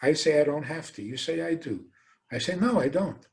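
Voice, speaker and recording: A rabbi giving a lecture, telling stories animatedly and asking rhetorical questions. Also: male voice, on the high side, a little fast, creaky. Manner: animated storytelling, acts out quoted voices.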